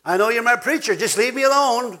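A man doing a whiny churchgoer, high and loud. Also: brisk. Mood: exasperated. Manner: whiny, exasperated pleading. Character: impatient churchgoer man brushing off his preacher.

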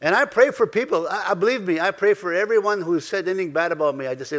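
A middle-aged man preaching a sermon, halting and repeating himself, swinging between loud exclamations and soft asides. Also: high voice. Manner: halting, repeats words and restarts.

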